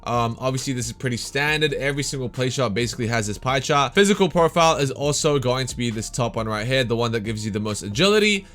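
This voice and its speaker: A young gaming YouTuber runs a casual tutorial, upbeat and chatty despite sounding tired, his voice slightly worn. His medium-pitched, a-bit-bright voice is expressive and quick with hardly any pauses, hyped and full of "man" and "guys." Soft music plays in the background.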